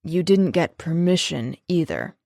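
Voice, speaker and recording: A woman voicing a stern, commanding male werewolf pack leader in an audiobook, lower than her own voice. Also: lively intonation, a little slow, creaky, darkish tone, no room sound, studio quality. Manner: cool, commanding. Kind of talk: audiobook character voice.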